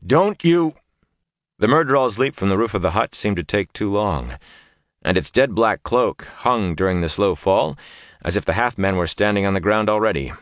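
A man with a very low voice narrates a fantasy story. His delivery is measured and dramatic, and the recording is dry and close. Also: animated, fairly bright tone, no echo. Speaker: audiobook narrator.

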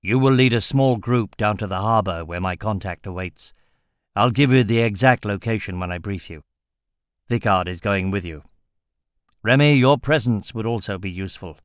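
A shrewd older merchant, calculating and measured, speaking slowly with a low, level voice, as a male narrator plays him. The reading is close and dry. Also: no echo, natural voice. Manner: slow, deliberate.

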